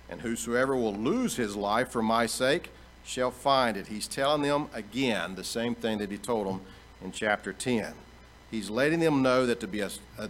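A man's voice: medium pitch, slight background noise. Earnest male pastor preaching. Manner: earnest preaching, rising for emphasis, repeating phrases. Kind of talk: sermon.

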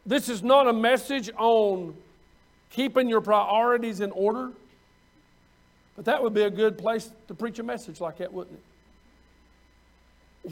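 A man preaching a sermon in a folksy, conversational way, breaking into loud emphatic bursts. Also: high-pitched, a little slow, long pauses.

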